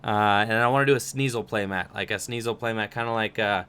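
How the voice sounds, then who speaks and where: A man's voice: on the low side, fast talker, pushed and bright, clear, resonant tone. A young man hosting a livestream Q&A, reading viewer questions aloud and answering casually with lots of fillers. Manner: chatty, reads chat questions aloud, many fillers.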